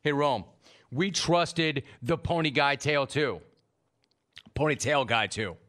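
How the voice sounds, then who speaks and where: A male radio host with a mid-range voice, talking fast and loose on a call-in show. He teases his producer with mock exasperation and keeps the banter rolling. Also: medium pitch, expressive, a bit bright.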